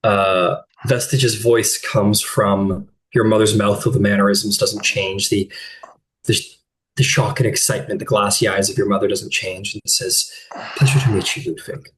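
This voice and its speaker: A man's voice: lowish voice, flat delivery, normal speed, fairly bright tone. A man narrating a tabletop game as game master, rambling and correcting himself as he describes scenes.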